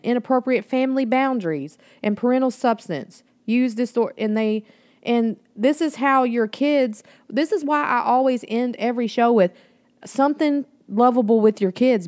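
A woman in her thirties hosts a podcast, delivering a casual spoken monologue in a blunt, emphatic manner with plenty of swearing. Her voice is high-pitched, and though she uses a home mic that picks up the room, the audio is studio quality with no room sound.

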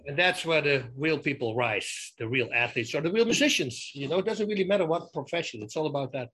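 A man being interviewed as a guest, telling lively anecdotes in a casual way, often restarting his sentences and adding emphatic asides. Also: fairly high pitch, a little fast, breathy edge. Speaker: guest, former fighter turned actor.

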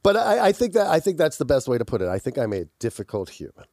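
A man co-hosting a podcast in casual chat, with an intense, aggressive way of talking when he gets into something, and quick to laugh. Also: medium pitch, huge pitch swings, a little mellow, no echo, clean studio sound. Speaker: podcast co-host.

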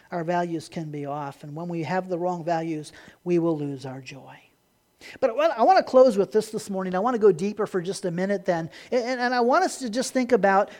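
A pastor preaching a Sunday sermon, rising to emphatic points and dropping quiet, often repeating words as he restarts. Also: high-pitched.

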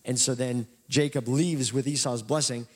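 A man preaches in a relaxed, conversational style. He speaks at a middling pitch with lively storytelling energy. His voice carries the long echo of a large hall. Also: moderate pace. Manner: animated, conversational retelling. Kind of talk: casual sermon storytelling.

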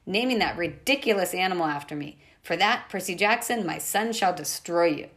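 A woman's voice: lowish voice, expressive, a little fast, fairly bright tone. A woman reading aloud, voicing a sneering, hissing snake-woman who is mother of monsters. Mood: haughty.

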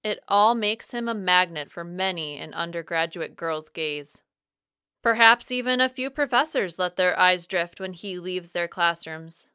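Bright, crisp woman narrating an audiobook. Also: unhurried, dry recording, clean studio sound. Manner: expressive, with lively shifts in pitch and volume. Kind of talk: first-person audiobook narration.

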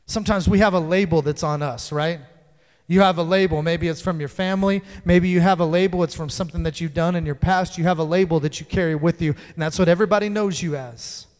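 A man preaching a sermon, dynamic, swinging from loud emphatic lines to hushed ones. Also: on the high side, fairly even intonation, quick pace. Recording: long hall reverb.

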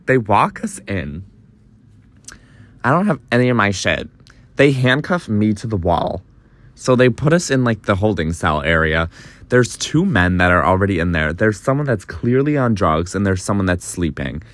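A young man in his twenties tells a personal story in a loose vlog style. He talks in an animated way, with many fillers and curses, and acts out the voices of the people in his story. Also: on the low side, normal speed. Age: 20s. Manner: animated, lots of fillers and swearing, acts out quotes. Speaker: vlogger. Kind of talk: casual storytelling.

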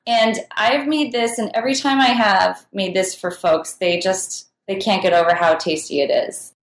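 A woman chatting as a podcast guest, easygoing and giggly, her answers tumbling out casually. Her voice sits at an ordinary middle pitch. The room around her rings with a noticeable echo. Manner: chatty and giggly, with frequent laughs. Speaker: podcast guest, food writer. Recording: echoey room.

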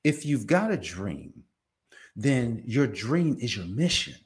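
A preacher with a medium-pitched, slow male voice delivers an informal, conversational sermon. He's animated, acting out biblical dialogue in different character voices, and his talk is full of fillers like "you know" and "man."

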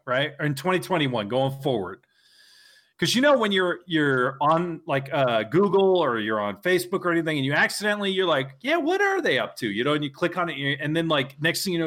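Animated high-voiced man, joking. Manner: animated, jokey, rambling. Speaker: podcast co-host. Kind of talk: casual chat.

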